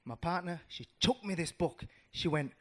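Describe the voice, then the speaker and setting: A man in his thirties from the audience, telling a children's story in a casual, animated way, with slangy asides and many restarts. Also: on the high side, normal speed. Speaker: audience member.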